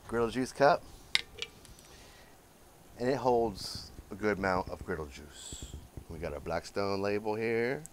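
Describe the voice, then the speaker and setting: A man's voice: lowish voice, a little hiss or hum. A man hosting his own cooking vlog, chatting enthusiastically and often stumbling over and repeating his words. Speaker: cooking channel host. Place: outdoor griddle cooking station.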